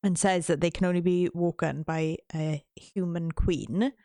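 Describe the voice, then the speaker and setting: A woman's voice: lowish voice, fairly even intonation, measured pace, mellow, no echo, clean studio sound. A woman podcast host recapping a book in casual, chatty talk, swearing freely and saying "like" a lot. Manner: chatty and profane, heavy use of "like". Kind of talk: casual book recommendation chat.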